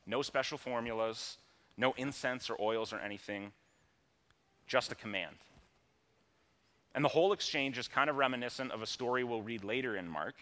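Man, pastor, mid-pitched, relaxed conversational sermon delivery. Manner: conversational and plain-spoken, with casual asides.

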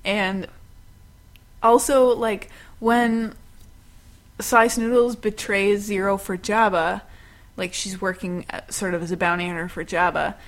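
Casting note: woman co-host, mid-pitched, easygoing, agreeable fan chat. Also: steady tone, unhurried. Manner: agreeable, frequent affirmations. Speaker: podcast co-host. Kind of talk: casual chat.

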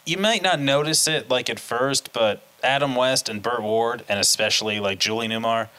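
Bright-voiced man rambling jokily. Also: medium pitch, normal speed, smooth. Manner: rambling, jokey, lots of fillers. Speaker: podcast co-host. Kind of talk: casual chat.

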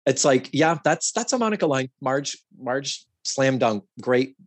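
A man hosting a podcast in a casual chat, talking in an animated, profane way and acting out quotes from a sitcom. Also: medium pitch, normal speed, no room sound. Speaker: podcast host.

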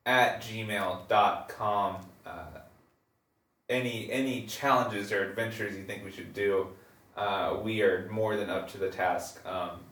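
A man's voice: lowish voice, steady tone, slow, a bit bright. A man co-hosting a casual comedy podcast, making dry, wry remarks. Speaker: podcast co-host. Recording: roomy, distant mic.

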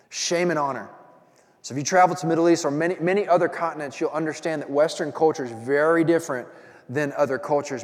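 A pastor preaches conversationally to his congregation, telling animated stories with asides. His voice is on the high side and the sound has a big-room quality.

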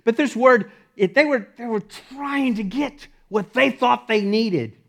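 A man pastor preaching a sermon at a church service, repeating phrases for emphasis and swinging between loud and hushed delivery. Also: very high-pitched, measured pace, creaky.

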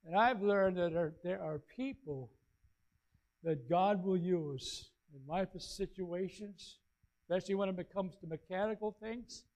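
A man pastor preaching a sermon, telling stories with big swings between loud and soft. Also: measured pace, rough recording. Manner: storytelling preacher, dynamic swings in loudness and pitch.

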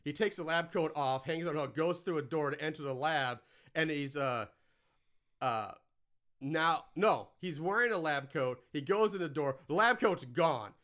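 A man's voice: fairly high pitch, normal speed, a bit bright. A man co-hosting a casual chat, animatedly recapping a comedy film with frequent laughs.

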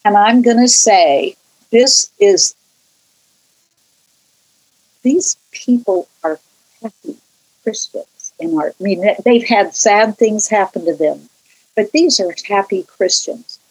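A woman's voice: medium pitch, rough recording. An older woman from California, a church choir singer, recalling her musical upbringing in a rambling, conversational way with frequent restarts and tangents. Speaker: interviewee, church choir member. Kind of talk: casual conversational storytelling.

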